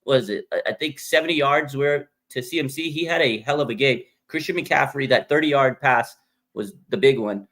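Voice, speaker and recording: Fan-show host, male, mid-range voice; animated live reaction talk, repetitive and filler-heavy. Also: medium pitch, moderate pace. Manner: animated, emphatic, repeats himself, frequent fillers.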